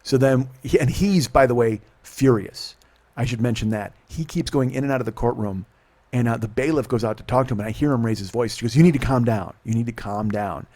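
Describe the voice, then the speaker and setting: Speaking a little fast at medium pitch, a middle-aged podcast host launches into a lively, foul-mouthed story during casual talk, performing each line of dialogue as he goes.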